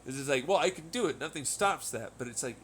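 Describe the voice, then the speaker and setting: Male solo podcaster, rambling and profane, pitched a bit high, prone to angry outbursts. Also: lively intonation, fast, a bit bright, slight background noise. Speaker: podcast host. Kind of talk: casual rambling monologue.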